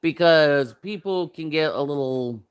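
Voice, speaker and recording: A man's voice: fairly high pitch, a little slow, clean tone. A young man chatting casually while tasting snacks, rambling with many fillers and talking with his mouth full. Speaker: vlogger.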